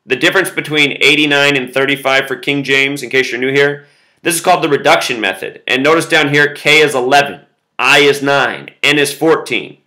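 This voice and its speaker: A man talks straight to the camera in a bright, forceful voice. He lays out his number patterns insistently, one point after the next, at a middling pitch for a man. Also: fairly quick, rough recording. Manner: insistent, explains with numbers, quotes song lyrics. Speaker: conspiracy video host. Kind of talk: solo monologue video.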